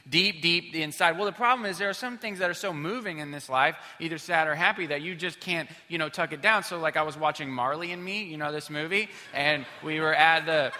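Bright-voiced male pastor in a hall. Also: a little high. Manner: conversational, self-deprecating storytelling with many fillers. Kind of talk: sermon. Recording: reverberant hall.

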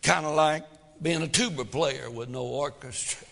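A man preaching a sermon, swinging between loud emphasis and hushed asides. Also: a little high, moderate pace, creaky, big-room sound. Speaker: pastor.

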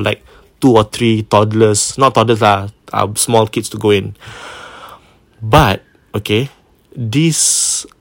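A man's voice: on the low side, vocal fry, no echo. A man with a Singaporean English accent, hosting and retelling a listener's ghost story in a casual way, mixing in Malay words and acting out the quoted people.

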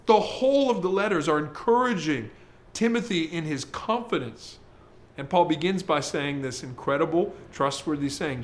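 A man preaching a sermon as pastor, in a conversational, emphatic way, slowing to read scripture. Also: fairly high pitch, lively intonation. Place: church service, streamed.

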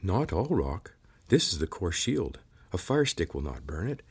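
A man's voice: low voice, very animated, measured pace, a little mellow, husky, exaggerated voice. A man doing a formal cave creature. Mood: formal, earnest. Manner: formal, stiff, calls him sir. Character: polite nonhuman male cave creature guide. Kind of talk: audiobook character voice.

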